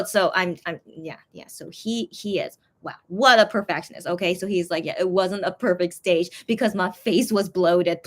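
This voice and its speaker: A young woman in casual chat, rambling to her viewers with lots of fillers and restarts. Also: mid-range voice. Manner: chatty and animated, talking straight to viewers. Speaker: fan vlogger.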